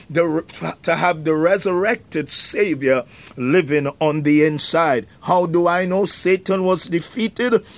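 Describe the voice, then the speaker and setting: A man preaching an Easter sermon as pastor, fervent, breaking into exclamations of praise between phrases. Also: on the high side.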